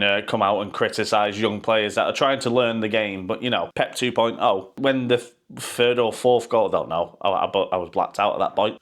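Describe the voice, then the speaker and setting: A man's voice: fairly low pitch, fairly bright tone. A man ranting sarcastically and swearing freely in a football fan vlog. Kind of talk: pre-match fan vlog rant.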